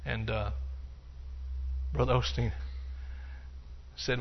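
A male preacher delivers a sermon, building his points with emphatic repetition and stopping to restart his sentences. His voice sits fairly high for a man. The recording sounds dull and lo-fi. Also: brisk.

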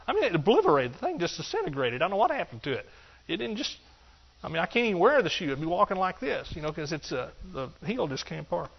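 A man preaching a sermon, animated and joking, acting out excuses in a higher voice. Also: fast talker, creaky, slightly rough. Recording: dull lo-fi sound.

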